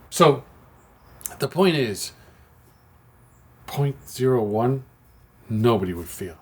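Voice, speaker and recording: Passionate parts maker, male, husky voice with a lively pitch; candid and rambling. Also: takes it slowly, pauses often. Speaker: parts maker and shop owner. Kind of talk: candid personal video talk.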